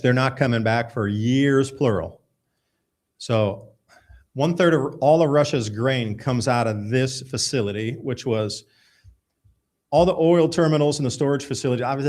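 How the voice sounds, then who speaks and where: A man's voice: mid-range voice, darkish tone. A man hosting a live radio show, talking casually and emphatically while walking through news articles. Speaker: host.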